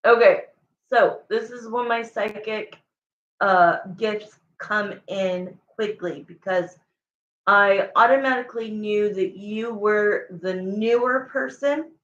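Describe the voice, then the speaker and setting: A woman's voice: medium pitch, unhurried, fairly bright tone. A woman giving a live tarot reading, thinking aloud as she pulls cards and repeating her questions to the cards. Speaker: tarot reader. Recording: roomy, dull lo-fi sound.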